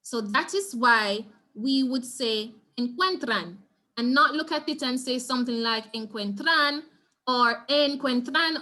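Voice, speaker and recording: Bright-voiced Jamaican woman teaching Spanish. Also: a little high. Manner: patient, repeats key points and checks in with students. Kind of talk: online revision class.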